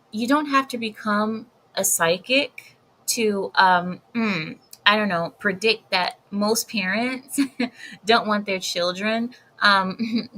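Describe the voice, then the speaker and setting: Lady ranting on her vlog, slow and deliberate, bright voice, repeats stuff for emphasis. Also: medium pitch, slight background noise, low-quality recording. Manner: blunt, emphatic, repeats herself for effect. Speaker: video commentator. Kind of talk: casual commentary vlog.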